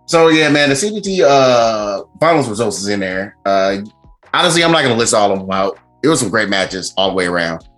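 A man hosting a podcast in casual chat, animated and profane, laughing often. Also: on the low side, fairly quick, soft background music. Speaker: podcast host.

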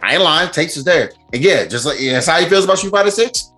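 A man hosts a casual podcast, talking in a bright, forceful voice that swings widely in pitch. He is animated and profane, breaking into laughter often. Faint music runs underneath. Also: quick pace. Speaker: podcast host. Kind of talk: casual chat.

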